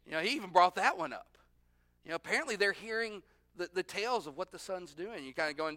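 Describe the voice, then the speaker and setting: A man's voice: sits high, expressive, quick pace, sharp tone, no echo, clean studio sound. A male pastor preaching a sermon in a conversational way, acting out the voices of people in the story.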